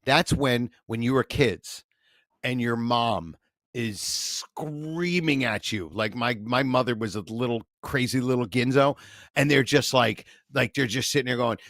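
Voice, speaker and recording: A man's voice: medium pitch, unhurried, fairly bright tone, dry recording, studio quality. A man co-hosting a comedy podcast, chatty and profane, reading out chat comments and telling stories. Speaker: comedian co-host. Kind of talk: casual podcast banter.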